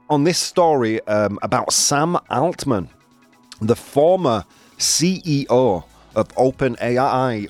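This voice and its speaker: A man's voice: mid-range voice, lively intonation, a little slow, a little mellow, no room sound, faint music behind. A man hosting a live morning show, chatting casually and playfully, switching between languages and punching words for emphasis.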